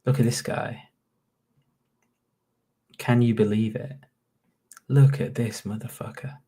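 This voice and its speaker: A man's voice: medium pitch, steady tone, takes it slowly, mellow, breathy edge. A man in his late twenties with a Northern English accent, rambling and swearing through casual reaction commentary. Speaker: YouTuber.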